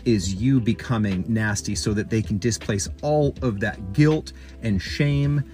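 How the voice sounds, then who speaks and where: Measured man over soft music. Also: on the low side. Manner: measured, searching for words. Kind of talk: explanatory commentary.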